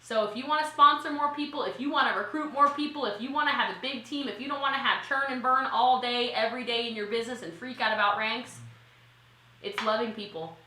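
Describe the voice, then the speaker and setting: A woman from rural Maryland giving a chatty, animated motivational talk as a network marketing coach, laughing and saying "like" and "okay" a lot, a little teary. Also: on the high side, a little fast, echoey room, poor audio. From Frederick County, Maryland. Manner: animated, laughing, swings from loud to soft. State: teary, eye watering. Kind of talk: casual motivational talk to camera.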